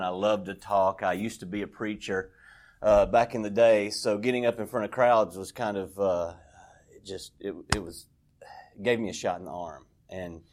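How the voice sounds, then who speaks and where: A man gives a candid, self-deprecating personal testimony at a recovery meeting, acting out bits of dialogue. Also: fairly low pitch. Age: 40s.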